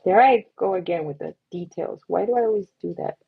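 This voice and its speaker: A woman's voice: lowish voice, fairly quick, vocal fry, slightly rough, no room sound, phone-quality sound. A young woman hosting a casual drawing livestream, chatty and giggly, laughing at her own doodles as she talks. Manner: giggly, chatty, self-mocking.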